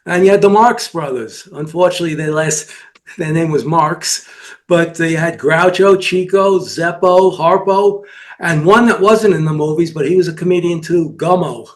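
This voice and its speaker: A man with a notably high-pitched voice chats casually as co-host. He strings together anecdotes and lists of names. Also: moderate pace. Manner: anecdotal, lists names, retells old jokes. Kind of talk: casual chat.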